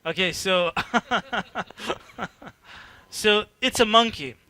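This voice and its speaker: Guy teaching a workshop, kinda high bright voice, super animated, lots of like and you know, acts out little scenes. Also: drawn-out words, dry recording. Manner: animated, acts out dialogue, frequent fillers and laughs. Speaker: workshop speaker. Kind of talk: informal teaching talk to a group.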